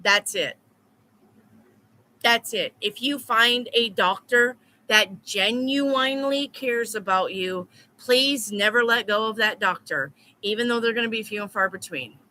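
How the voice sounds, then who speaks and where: A woman's voice: fairly high pitch, measured pace, pushed and bright, slight background noise. A woman tarot reader talking live to her viewers in a blunt, repetitive, profane way. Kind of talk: live-stream chat with viewers.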